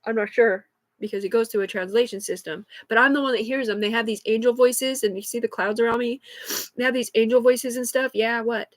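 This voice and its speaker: A woman's voice: on the high side, fairly even intonation, brisk, dry recording. A woman, likely in her thirties, talking agitatedly and rambling with heavy swearing in an unscripted live stream on a phone. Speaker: livestreamer.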